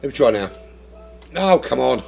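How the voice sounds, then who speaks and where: Gravelly, jokey race commentator. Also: male voice, medium pitch, very animated, normal speed, a little mellow, soft background music. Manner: rambling, jokey, self-interrupting. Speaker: race commentator and lobby host. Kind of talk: casual live sim-race commentary.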